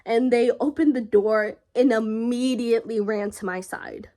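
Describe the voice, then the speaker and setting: A young woman vlogger telling a personal story in a halting, emotional way, with frequent fillers and pauses. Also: fairly high pitch, fairly even intonation, warm tone.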